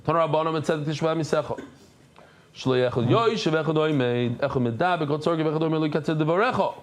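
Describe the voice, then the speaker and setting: A man teaching a daily Talmud class, reading the Aramaic text and explaining it in English, switching to softer storytelling. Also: fairly high pitch, fast.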